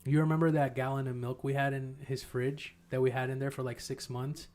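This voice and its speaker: A man's voice: mid-range voice, little pitch movement, fairly quick, a little mellow. Profane, laughing man telling stories. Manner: profane, laughs through his own stories. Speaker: podcast host. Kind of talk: casual chat, swapping stories.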